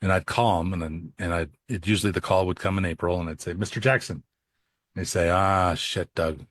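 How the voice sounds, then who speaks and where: A man's voice: sits low, brisk. A man co-hosting an accounting podcast, talking casually and acting out client phone calls as he tells stories. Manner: animated storyteller who acts out dialogue. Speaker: podcast co-host and accounting coach. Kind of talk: casual conversational podcast talk.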